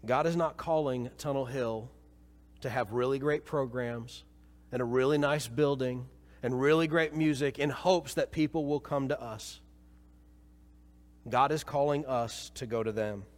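A man preaching a sermon as pastor, swinging from emphatic peaks to quiet low passages. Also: a little slow. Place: church sanctuary. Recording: long reverb of a church hall.

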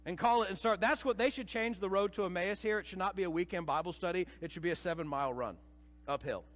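A man preaching a sermon to a church congregation, dramatic, swinging between hushed and loud passages and acting out voices. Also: sits high, quick pace. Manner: acts out quoted voices. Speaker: pastor. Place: church sanctuary. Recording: reverberant church hall.

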